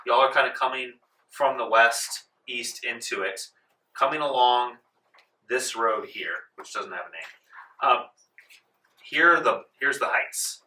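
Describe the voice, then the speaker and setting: A man runs a tabletop game in a casual, rambling way full of fillers. His voice is very bright and sharp. He sits at a middling pitch and sounds far from the mic in an echoey library room. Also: unhurried, a little hiss or hum. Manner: casual, filler-heavy narration. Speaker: game master. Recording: roomy room, distant mic.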